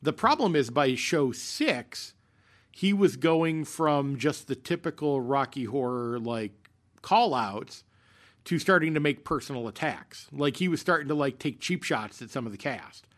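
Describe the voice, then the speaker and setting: A man's voice: medium pitch, lively intonation, unhurried, fairly bright tone. A man telling a long theater story in casual podcast chat, rambling with many fillers and restarts. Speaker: podcast co-host.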